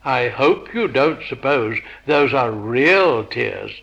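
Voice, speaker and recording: A man's voice: a little high, expressive, slow, vocal fry, a bit bright, lo-fi sound, full character voice. A man reading aloud the lines of a scornful, contemptuous twin brother, quoted from a story in his own lecturing voice.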